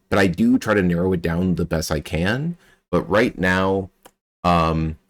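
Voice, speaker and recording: A man streaming a mystery game, thinking aloud and chatting with his viewers in a relaxed way. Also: low-pitched. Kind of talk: casual gameplay commentary.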